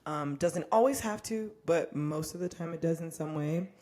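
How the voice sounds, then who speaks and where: List: young woman, podcast co-host, casual chat, blunt and profane, slightly low pitch. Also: normal speed, mellow. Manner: candid and profane, laughs often.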